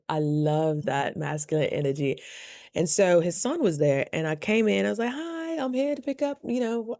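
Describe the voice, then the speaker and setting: A woman in her thirties telling a story in a chatty, animated way, acting out her own quotes in a higher voice. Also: no echo, clean studio sound. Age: 30s. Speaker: vlogger. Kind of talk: casual storytelling. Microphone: studio mic.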